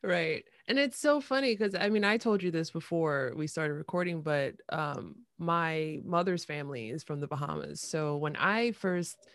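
Woman, podcast host, low voice, dry recording, chatty with fillers. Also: normal speed, no room sound. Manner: animated, many fillers and restarts. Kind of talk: casual interview chat.

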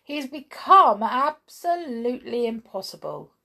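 A woman's voice: on the high side, very animated, unhurried, gravelly, pushed and bright, pitched above the performer's own voice, heavily acted. A woman voicing a normally cheerful little man who sounds weary and complaining. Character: glum round cheerful-natured man.

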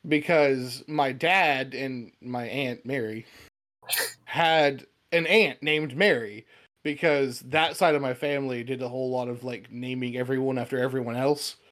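A man in casual podcast chat, speaking in a dry, matter-of-fact way with deadpan asides. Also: medium pitch, unhurried. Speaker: podcast co-host.

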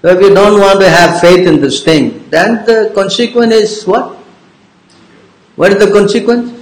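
High voiced guy teaching a devotional class, keeps going "yes? understand?", teasing, echoey room. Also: normal speed. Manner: informal, teasing, repetitive. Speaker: religious teacher.

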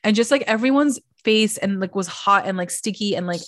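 A young woman talks through a reality TV episode in casual podcast chat. Her mid-range voice moves quickly, packed with fillers and quoted lines. The sound is dry and close, with no room around it. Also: mid-range voice, no echo. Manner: fast, filler-heavy retelling with quoted voices. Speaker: podcast co-host.

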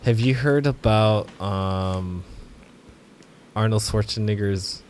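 A man's voice: fairly low pitch, slow pace, darkish tone, slight background noise. A man co-hosting a podcast in casual chat, laid-back and rambling as he talks. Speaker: podcast co-host.

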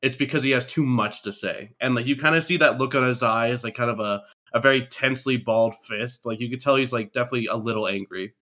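A man's voice: medium pitch, quick pace, pushed and bright. A man acting as game master, loosely describing a character's mood in a casual way. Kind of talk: narrating a tabletop game.

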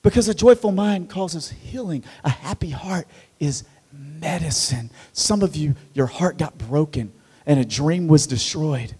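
A high-pitched man in his thirties preaches to his church with lively, conversational energy. He stumbles and repeats himself as he gets going. His voice rings with the long reverb of a large hall. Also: a little slow, husky. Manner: energetic, conversational, repeats words when excited. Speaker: pastor. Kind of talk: sermon.

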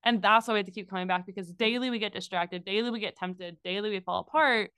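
A woman co-hosting a faith podcast, talking in a chatty, animated way with lots of asides. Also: mid-range voice, quick pace, clear, resonant tone, no room sound, studio quality. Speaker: podcast co-host. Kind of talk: casual faith podcast chat.

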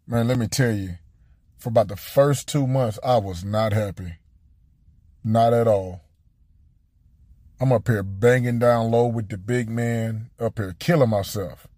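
A young man and former college basketball player telling a casual story, animated and acting out quotes with jumps in his voice. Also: lowish voice, measured pace, long pauses, no room sound, studio quality.

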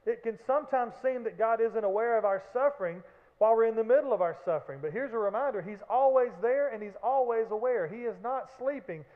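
Animated preacher in an echoey hall. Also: male voice, extremely high pitch, fast talker. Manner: animated preaching with acted-out shouts and asides. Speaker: pastor. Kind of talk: sermon. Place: church sanctuary. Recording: echoey hall, phone-like band.

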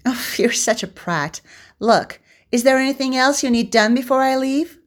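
A woman's voice: high-pitched, moderate pace, pitched above the performer's own voice, lightly acted. A woman voicing a cheeky, fretful young male servant who bickers and pleads with his master. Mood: bickering servant.

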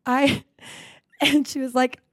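Animated woman in her thirties. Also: sits high, slow pace, dry recording, clean studio sound. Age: 30s. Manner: animated storytelling with frequent swearing and laughs. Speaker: podcast co-host. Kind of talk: casual chat.

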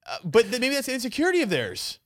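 Young male podcast co-host, high and animated voice, argumentative, quick to laugh. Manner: argumentative, laughs loudly, pushes his point. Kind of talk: casual crude banter.

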